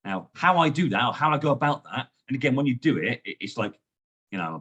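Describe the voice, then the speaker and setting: A man, a sales trainer and guest, coaching in a lively, emphatic way. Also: medium pitch, a little fast, slightly rough, highs cut off. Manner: lively, emphatic coaching with frequent "you know". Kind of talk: coaching conversation.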